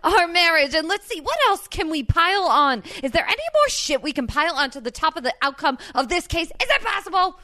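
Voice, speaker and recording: A woman's voice: very high-pitched, lively intonation, a little fast, few pauses, sharp tone, no room sound, studio quality, pitched above the performer's own voice, heavily acted. A woman reading the part of a frazzled male lawyer who rants about everything piling up on him. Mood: ranting. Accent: New Jersey or New York (put on). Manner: ranting, listing complaints, rising indignation.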